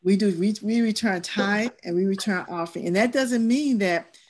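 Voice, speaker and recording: A woman's voice: medium pitch, normal speed, darkish tone. A woman who leads church stewardship, talking earnestly and emphatically in a church discussion class.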